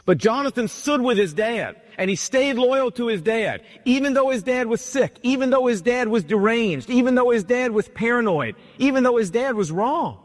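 A man's voice: very high-pitched, expressive, moderate pace, few pauses, long reverb tail. A man preaching a sermon as pastor, with an emphatic, repetitive cadence.

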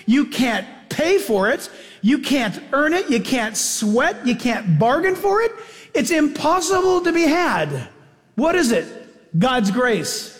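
A man preaching a sermon in a folksy, animated way, full of rhetorical questions to the congregation. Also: very high-pitched. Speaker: pastor. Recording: long hall reverb.

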